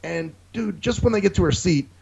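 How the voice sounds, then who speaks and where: Gravelly, husky man telling a profane story. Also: high voice, fairly quick. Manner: profane, animated storytelling, acts out others' lines. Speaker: podcast co-host. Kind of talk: casual storytelling chat. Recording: dull lo-fi recording.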